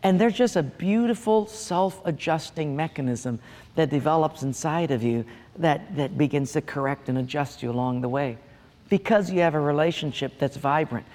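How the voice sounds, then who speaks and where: A middle-aged male pastor gives a sermon. He speaks in a high voice and mixes playful, humorous stories into his teaching. His words carry a long reverb, as if they fill a large hall. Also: normal speed. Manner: humorous storytelling, lively asides.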